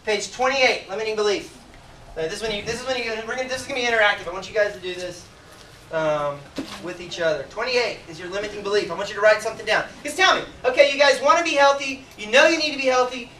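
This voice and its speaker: A man's voice: high-pitched, quick pace, a little hiss or hum. Man giving an emotional seminar talk, roomy. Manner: emotional, animated, addresses the audience directly with questions. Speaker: chiropractor giving a health workshop talk. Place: seminar room. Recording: roomy sound from a distant mic.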